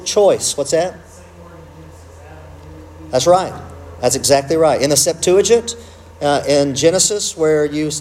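A man teaching a church class, conversational and quick to joke at his own slips. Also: a little high, darkish tone. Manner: conversational, self-interrupting with humor.

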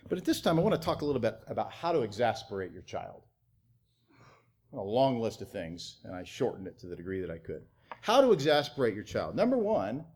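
Lively-pitched male preacher with mocking asides. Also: husky. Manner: animated preaching with mocking acted-out quotes. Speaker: pastor. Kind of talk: sermon.

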